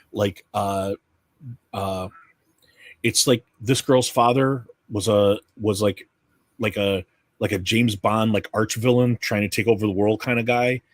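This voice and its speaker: Co-hosting the same comics livestream, a man with a lowish voice chats casually, rambling eagerly and restarting often. The recording is dry, captured on a livestream setup.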